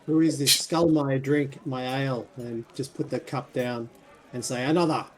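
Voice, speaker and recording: A man playing a tabletop game, speaking in terse, gruff in-character statements. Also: mid-range voice, steady tone, moderate pace, low-quality recording. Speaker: player.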